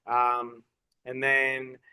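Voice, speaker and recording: Bright-voiced Australian man, stop-start talk. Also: mid-range voice, completely flat delivery, clear, resonant tone. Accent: Australian, toned down. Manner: halting, stop-start, many false starts. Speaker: tradesman guest. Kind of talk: casual interview chat.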